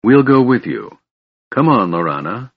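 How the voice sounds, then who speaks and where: A man's voice: mid-range voice, sing-song, a little slow, slightly rough, no echo, exaggerated voice. A man reading the part of a grave male elf lord in an audiobook, clipped and serious. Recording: muffled lo-fi recording.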